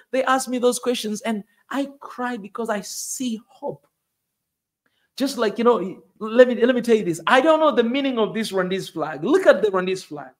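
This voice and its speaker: A man's voice: very high voice, expressive, normal speed. A man in his forties, a video host giving a fervent, preachy motivational talk and repeating phrases for emphasis. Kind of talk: impassioned motivational monologue.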